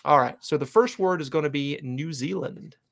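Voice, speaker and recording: A man's voice: on the high side, moderate pace, vocal fry, a bit bright. Upbeat man hosting a fan show. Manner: upbeat, hype-driven, many fillers and restarts. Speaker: podcast host. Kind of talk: casual fan-show chat.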